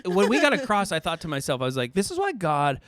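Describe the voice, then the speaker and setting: Man, podcast co-host, casual chat, lively swooping pitch, dry close sound. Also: fast, no echo. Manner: animated, laughs often, repeats words. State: afraid of heights.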